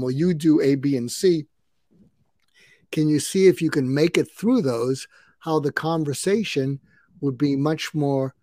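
A man in his seventies speaking in a somewhat high voice for his age, calm and explanatory. He walks through advice step by step and acts out little exchanges. The sound is close and dry, with hardly any room around it. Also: no echo. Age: 70s. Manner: calm, advice-giving, acts out sample dialogue. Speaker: conflict coach. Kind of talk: podcast interview guest.

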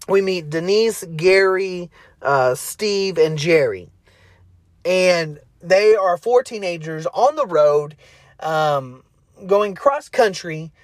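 A man's voice: high voice, dry recording, studio quality. A young man casually retelling a movie he loves, rambling with many fillers and restarts and swearing freely. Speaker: movie fan retelling a film.

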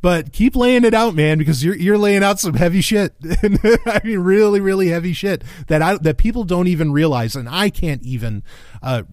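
A man hosting a casual review monologue, excitable and rambling, swearing freely, with many restarts and bursts of laughter. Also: sits high, moderate pace, no room sound, clean studio sound.

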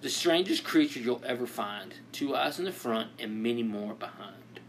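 A man's voice: mid-range voice, lively intonation, moderate pace, a bit bright, a little hiss or hum. A man co-hosting a casual comedy podcast, posing riddles and laughing often. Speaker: podcast co-host.

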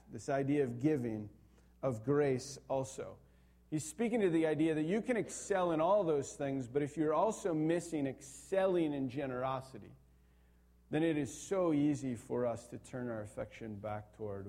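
A man's voice: medium pitch, mellow. A man, a young to middle-aged pastor, preaching a sermon in an earnest way that builds to emphatic repetition.

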